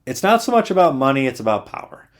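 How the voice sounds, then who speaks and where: A young man delivers a blunt, sarcastic rant to camera, swearing freely. His voice sits in an ordinary middle pitch. He speaks loosely, with fillers and restarts. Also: big pitch swings, fast. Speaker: YouTuber. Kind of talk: sarcastic ranting monologue.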